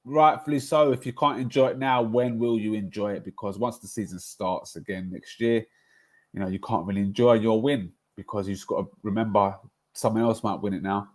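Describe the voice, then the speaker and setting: A man's voice: fairly low pitch, fairly even intonation, a little fast. A man hosting a casual football livestream, chatty and rambling, often laughing at his own stories. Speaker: livestream host.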